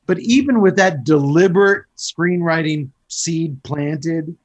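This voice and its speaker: A man's voice: a little high, takes it slowly. A man hosting a casual podcast, recapping a film with jokes and swearing. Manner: animated storyteller, swears, jokes. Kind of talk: casual chat.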